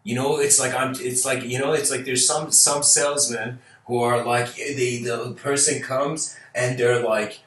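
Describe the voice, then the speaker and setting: A man's voice: mid-range voice, fairly even intonation, a little slow, few pauses, fairly bright tone. A man giving a casual, rambling lecture, playfully acting out little scenes and laughing often. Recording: roomy echo, mic at a distance.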